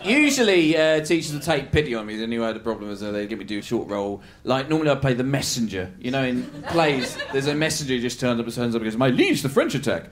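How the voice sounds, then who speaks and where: A man doing stand-up comedy storytelling, animated and self-mocking, laughing through his lines. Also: mid-range voice, fast, few pauses, slight background noise.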